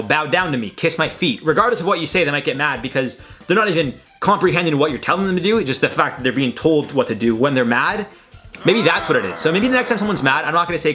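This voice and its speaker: A fairly high-voiced man talks in a loose, rambling way, swearing casually as he reacts to tweets. He sounds like he is in his room at home. Soft music plays faintly underneath. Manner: rambling, chatty, swears freely. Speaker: host.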